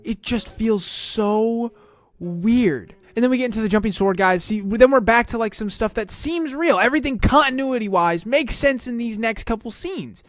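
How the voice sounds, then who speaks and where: An online commentator in a casual video, excitable and stammering, firing off rhetorical questions. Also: mid-range voice, normal speed, dry recording.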